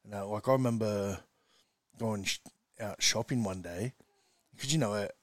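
In a relaxed interview, an Australian-accented Western Sydney man who coaches rugby league spins animated tales in a lowish voice at a measured pace. Talkative, he says "mate" to everyone nonstop, and there's no room sound.

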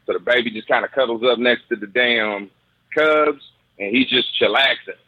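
A man's voice: mid-range voice, moderate pace, no room sound. Brief: a podcast host, male, slangy and profane, with a narrow phone-like sound and a dry, close feel. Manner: profane, slangy, loose retelling. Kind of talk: casual storytelling chat.

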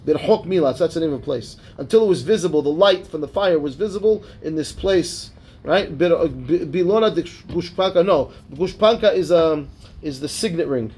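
A man's voice: on the high side, lively intonation, normal speed, darkish tone, breathy edge. A male rabbi teaching a Talmud class. He reads the Aramaic text and explains it in casual English, often checking in with "right?" and "okay". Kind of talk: Talmud class, reading and translating.

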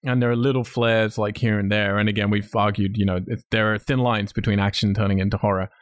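A man's voice: lowish voice, level tone, fast. A man co-hosting a podcast, ranting bluntly about a film and swearing in casual chat. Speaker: podcast co-host.

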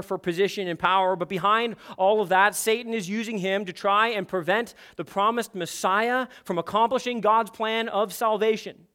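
A man preaching an expository sermon, emphatic and building to forceful peaks. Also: sits high. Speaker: pastor.

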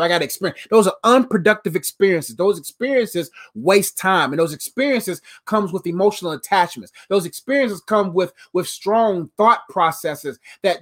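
A man's voice: sits high, a bit bright. A man in his thirties giving a motivational talk, repeating his points emphatically in a preacher-like rhythm. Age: 30s. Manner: repetitive, emphatic, preacher-like cadence. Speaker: motivational speaker.

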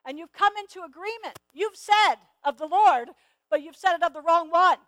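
A middle-aged woman teaching a sermon in an earnest way, often repeating words as she starts, and slowing down to stress key phrases. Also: very high-pitched, fairly bright tone, dry recording. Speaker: Bible teacher.

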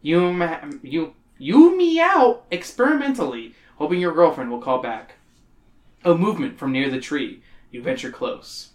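A man reading a choose-your-own-adventure book aloud to friends, animated and tossing in joking asides. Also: fairly high pitch, a little slow. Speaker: game reader. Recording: roomy echo.

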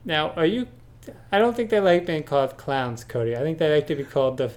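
A man co-hosting a comedy podcast, talking in a mock-earnest, deadpan ironic way. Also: fairly high pitch, brisk. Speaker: podcast co-host. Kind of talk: sarcastic comedy podcast banter.

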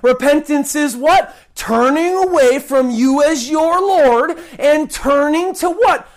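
A male pastor preaching a sermon, swinging between loud bursts and quiet asides. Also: very high-pitched, slow pace.

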